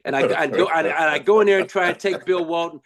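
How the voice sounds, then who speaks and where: An older man from Los Angeles, a former basketball player, telling stories in a casual, animated way with lots of restarts. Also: fairly high pitch, fairly quick. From Los Angeles, USA. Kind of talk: casual storytelling.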